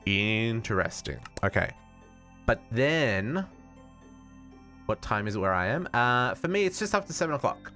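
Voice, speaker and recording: A man's voice: medium pitch, big pitch swings, a little slow, pauses often, bright, forceful tone, soft background music. A man with an Australian accent streaming a modded game, thinking aloud and correcting himself as he chats with viewers. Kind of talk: casual live-stream gaming chat.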